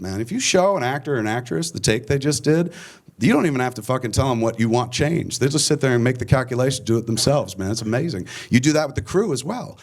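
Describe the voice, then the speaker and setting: A man in his forties telling rambling, profane stories on a conference stage. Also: mid-range voice. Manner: profane, rambling, animated storyteller. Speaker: filmmaker guest speaker. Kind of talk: storytelling conference talk. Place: conference stage before an audience.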